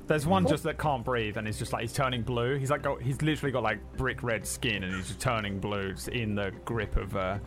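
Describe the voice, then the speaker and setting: Dude running a tabletop game, chill and rambly, music going behind him. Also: male voice, mid-range voice, fairly quick, hardly any pauses. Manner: casual, laughs often, filler words. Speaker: game master. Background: background music.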